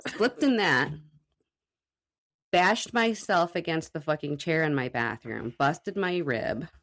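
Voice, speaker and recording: A woman co-hosting a podcast from her home recording room, telling a story in a casual, animated way, swearing and laughing as she goes. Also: low voice, slow. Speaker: podcast co-host.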